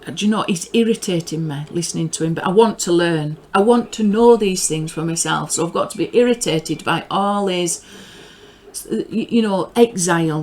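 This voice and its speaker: A woman's voice: on the low side, a little hiss or hum. A woman with a northern English accent giving an informal spoken religious teaching, rambling and earnest, often repeating words and restarting her sentences. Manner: earnest, grows excited.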